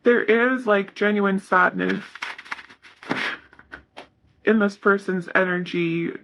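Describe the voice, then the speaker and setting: A woman giving a casual tarot reading, reading card messages aloud in a soft, hesitant way with many fillers. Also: medium pitch, takes it slowly, gravelly, background noise. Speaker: tarot reader.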